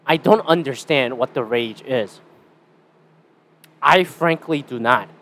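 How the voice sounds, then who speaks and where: A man's voice: mid-range voice, slow pace, a bit bright. A young Canadian man hosting a casual solo podcast, rambling and swearing with a sarcastic edge. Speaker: podcast host.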